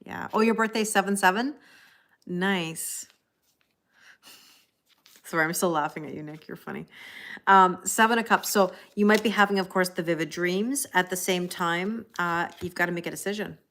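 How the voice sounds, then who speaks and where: A woman's voice: fairly low pitch, moderate pace, a bit bright. Chatty woman reading tarot on a livestream. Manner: chatty, laughs often, replies to viewer comments. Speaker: tarot reader hosting a livestream. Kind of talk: casual live-stream chat and tarot reading.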